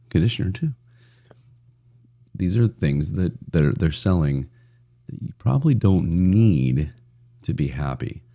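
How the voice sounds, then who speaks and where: A man's voice: very deep voice, creaky, mellow. A man hosting a solo podcast in a casual, blunt and profane way, rambling with frequent restarts. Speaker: podcast host.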